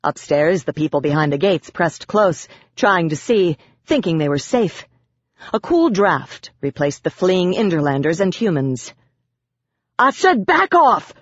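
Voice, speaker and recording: Audiobook narrator, measured dramatic first-person reading, mid pitch, lo-fi dry sound. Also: expressive, dry recording.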